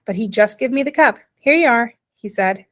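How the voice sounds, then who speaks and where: A woman reading the part of a small, homely father who explains things slowly in plain, ungrammatical speech. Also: a little high, lively intonation, close to an everyday voice. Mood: soothing. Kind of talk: audiobook character reading.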